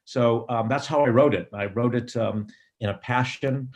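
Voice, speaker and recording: A middle-aged man, a screenwriter, giving reflective interview answers in a thoughtful, digressive way with many pauses and ums. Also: medium pitch, darkish tone. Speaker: screenwriter and director.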